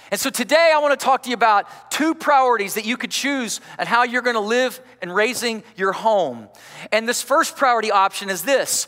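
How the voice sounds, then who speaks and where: A man's voice: extremely high pitch, animated, normal speed, sharp tone. A man preaching as a pastor, emphatic and coaxing the congregation with call-outs in a large church. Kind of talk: energetic sermon. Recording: long church-hall reverb.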